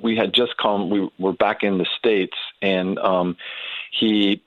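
A middle-aged man with a very low voice recounts a family story at an easy pace, pausing and restarting often. The sound is dry and a little muffled. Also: fairly even intonation, no room sound. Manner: unhurried, halting anecdote with many restarts and ums. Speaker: guest. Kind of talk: storytelling in casual conversation.

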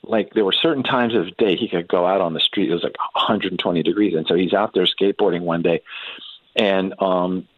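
A middle-aged man telling a story about his son in a relaxed, halting way, with many restarts and fillers. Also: low-pitched, dry recording, narrow, tinny audio. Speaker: guest parent telling a family story. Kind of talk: casual storytelling in a faith podcast interview.

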